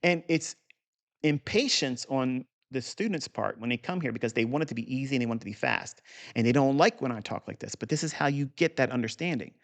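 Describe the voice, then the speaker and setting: A trading educator with a gravelly, middle-pitched voice walks through a chart off the cuff into a desk mic. He's expressive and quick, blunt and profane, bragging and tossing in asides as he goes.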